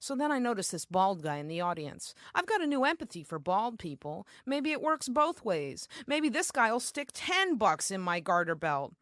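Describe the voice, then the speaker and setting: A woman's voice: medium pitch, very animated, normal speed, hardly any pauses, a bit bright, no room sound, studio quality. A woman performing a brash, comic, profane spoken-word story as a performance poet.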